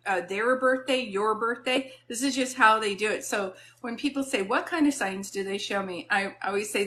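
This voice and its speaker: A woman's voice: fairly high pitch, pushed and bright, a little hiss or hum. A woman working as a psychic medium, giving a live-stream reading in a soothing, reassuring, chatty way.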